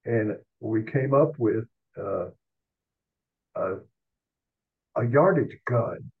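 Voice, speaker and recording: Husky older man on a tinny line. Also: lowish voice, takes it slowly, pauses often. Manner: animated, salty, self-mocking. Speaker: podcast guest, sports columnist. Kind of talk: rambling anecdotal storytelling.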